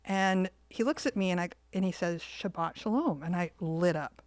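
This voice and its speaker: Lively woman telling a story. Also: fairly low pitch, normal speed, no echo. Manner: animated storyteller, acts out quoted lines. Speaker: podcast co-host. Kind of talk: casual storytelling chat.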